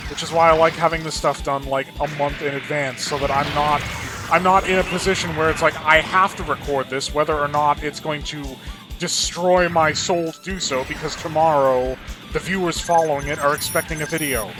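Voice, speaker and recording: A man's voice: on the high side, steady tone, normal speed, over music. A tired man hosting a game let's play, rambling and self-deprecating in his commentary. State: exhausted. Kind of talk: gameplay commentary.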